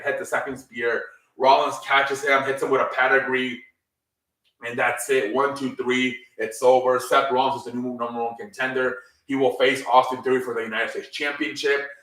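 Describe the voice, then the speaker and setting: A man's voice: mid-range voice, sharp tone. A man casually recapping a wrestling show on his own, rambling, with lots of ums and casual swearing. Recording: echoey room, distant mic.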